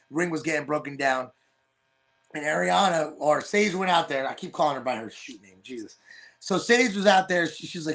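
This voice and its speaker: A middle-aged man, a wrestler, telling lively stories in an interview and laughing as he acts out what others said. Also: high voice, brisk. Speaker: wrestler in a father-daughter tag team. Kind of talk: animated storytelling in an interview.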